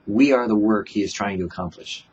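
A man's voice: on the low side, fairly quick, darkish tone, lo-fi sound, slight background noise. A man giving an informal devotional sermon, talking casually and acting out little back-and-forth exchanges with God. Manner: conversational, acts out little dialogues with God. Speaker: preacher.

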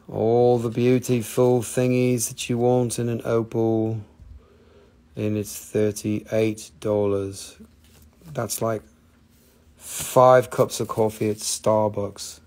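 A man in his forties with a medium-pitched, darkish voice hosts a live gemstone sales stream. He chats in a playful, rambling, jokey way and swears casually.

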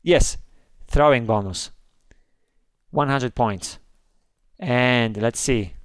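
A man hosting a gaming video, commenting on his play with excitable, jumpy reactions. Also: mid-range voice, extremely slow, smooth, dry recording. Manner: jumpy, gasping and squealing when scared.

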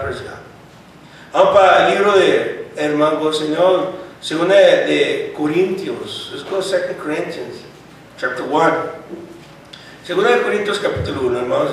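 A man's voice: on the high side, gravelly, slight background noise. A male preacher giving a sermon and reading scripture aloud. He often drops in Spanish phrases and keeps saying "hermano" and "praise God.". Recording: very echoey room, voice far from mic.

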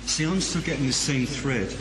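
A man acting as a medium on a ghost hunt, speaking in a halting, hesitant way. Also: medium pitch. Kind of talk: live ghost-hunt commentary. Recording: echoey room with clear background noise.

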